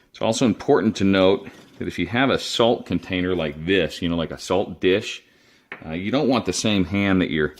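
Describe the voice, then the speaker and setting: A man casually chatting his way through a home cooking demo in his kitchen, rambling and self-deprecating. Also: deep voice. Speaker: cooking video host.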